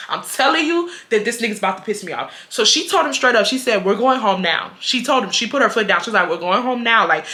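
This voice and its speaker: A woman in her twenties from Houston telling a storytime vlog in casual chat, animated and acting out what people said. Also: fairly high pitch. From Houston, Texas. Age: 20s. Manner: animated, quotes people, switches between laughing and getting fired up. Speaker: vlogger.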